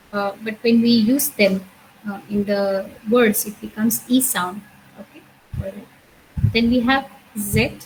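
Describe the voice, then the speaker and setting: A woman lecturer teaches introductory French at a slow, deliberate pace, with her voice sitting a touch high. She repeats each sound and word and fills her pauses with "uh" and "okay." Faint background noise runs under the recording. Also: low-quality recording. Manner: explanatory, with frequent "uh" and "okay".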